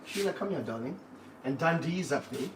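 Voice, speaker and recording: A man running a casual livestream from his reptile room, excitable and jokey, full of slang. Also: fairly high pitch, moderate pace, roomy sound, background noise. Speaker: reptile park owner and streamer.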